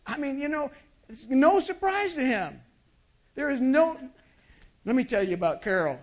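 A pastor preaches a sermon in a high, very animated voice at a normal speed. He swings from loud, emphatic bursts to hushed, intimate asides and poses rhetorical questions to the congregation.

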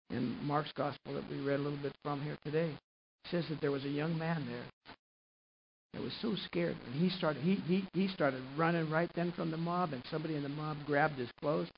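A man preaching a sermon and retelling a gospel story, swinging from quiet narration up to loud, emphatic passages. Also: fairly high pitch, fairly even intonation, fairly quick, creaky. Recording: muffled lo-fi recording with faint hiss.

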